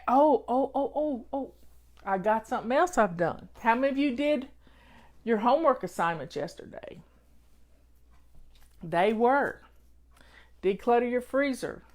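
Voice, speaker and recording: A woman with a Southern accent, hosting a live stream and giving folksy, motherly advice in casual chat. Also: a little high. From Southern United States. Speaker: host of a home-organizing live show.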